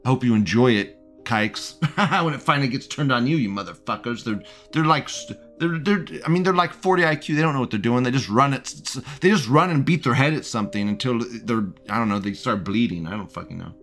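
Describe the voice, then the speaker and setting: A man's voice: mid-range voice, expressive, fairly quick, fairly bright tone, soft background music. A man hosting a live show, rambling in casual commentary, laughing often and repeating himself. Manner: reads out chat messages in a mocking tone.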